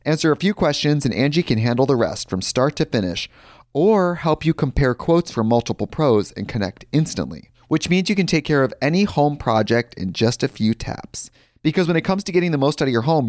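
A man's voice: on the high side, big pitch swings, brisk, a little mellow, no room sound, clean studio sound. A man reading a podcast ad in a conversational way, with personal asides. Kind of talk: host-read ad.

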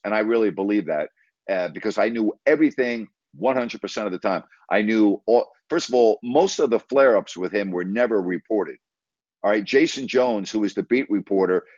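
Fairly low-pitched and darkish, this man's voice comes through dry, slightly dull audio. Once a team broadcaster, he tells a story emphatically in a casual interview, reconstructing conversations line by line.

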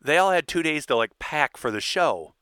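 A man's voice: fairly high pitch, expressive, moderate pace, sharp tone, clean tone, no echo, clean studio sound. A man in casual podcast chat, joking and chiming in with asides. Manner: jokey, chimes in with asides. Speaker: podcast co-host.

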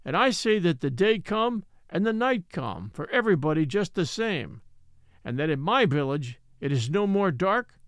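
A man voicing a patient old native man who tells his story slowly and solemnly in formal, old-fashioned speech. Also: high-pitched, big pitch swings, no echo, studio quality.

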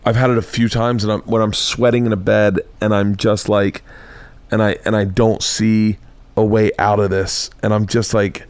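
A man's voice: fairly low pitch, normal speed, clear, resonant tone, no echo. A middle-aged man hosting a podcast, talking casually and telling stories with lots of swearing. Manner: animated storyteller, swears freely. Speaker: podcast host. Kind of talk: casual chat.

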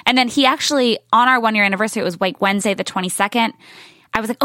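A woman's voice: a little high, rapid-fire, sharp tone, dry recording, clean studio sound. A woman in her thirties chatting as a podcast guest, telling a story with lots of "like"s. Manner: gushing, storytelling with many "like"s. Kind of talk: casual chat.

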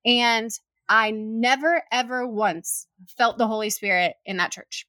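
Chatty high-voiced woman telling a story. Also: unhurried, pushed and bright, dry recording, studio quality. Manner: chatty, lots of "like" fillers, acts out quotes. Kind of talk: casual storytelling chat.

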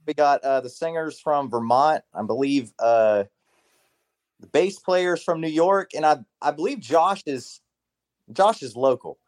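A man's voice: fairly high pitch, measured pace, a little mellow. A man from South Carolina with a light Southern accent, a musician guest rambling easily in a casual interview. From Charleston, South Carolina. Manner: laid-back, rambling with fillers.

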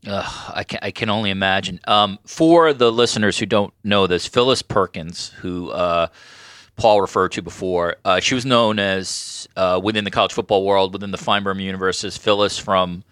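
A man with a New York accent hosting an interview podcast, speaking in an enthusiastic, animated way with quick asides. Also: sits low, smooth, no room sound. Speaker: podcast host.

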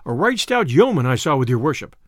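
A man's voice: medium pitch, sing-song, a little fast, no room sound, studio quality. A man doing a wheedling greedy innkeeper. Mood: soothing. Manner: wheedling then stubborn, archaic speech. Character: greedy timid male innkeeper, bald.

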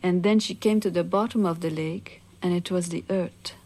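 Unhurried woman telling a legend. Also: on the low side, steady tone, a little mellow. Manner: unhurried, conversational, frequent "you see" asides. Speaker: storyteller.

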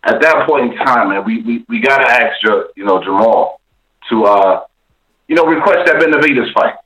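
A man's voice: mid-range voice, expressive, moderate pace, fairly bright tone, poor audio. A man calling in to a talk show, easygoing, filling his talk with casual fillers. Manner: easygoing, peppers talk with "man" and "you know". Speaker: caller. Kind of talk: casual call-in chat.

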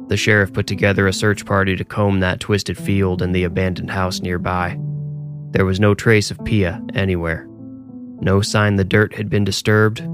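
Low, flat-voiced male horror narrator. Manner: measured, low-key storytelling.

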